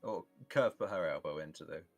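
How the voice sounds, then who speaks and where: A man narrating a tabletop game as game master, describing scenes in a relaxed, halting way. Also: very deep voice, creaky, dry recording, faint music behind.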